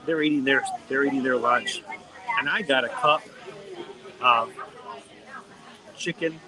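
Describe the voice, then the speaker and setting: A middle-aged man hosting a live stream, telling a playful story in a casual, animated way, outdoors in a theme park. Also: mid-range voice, a little slow, rough recording. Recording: busy crowd noise behind. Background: crowd, park sounds.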